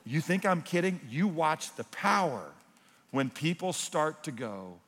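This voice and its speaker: A man preaching a sermon. He talks in earnest, swinging between loud, emphatic points and hushed, close asides. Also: on the high side, big pitch swings, a little slow. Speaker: pastor. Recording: long reverb of a large hall.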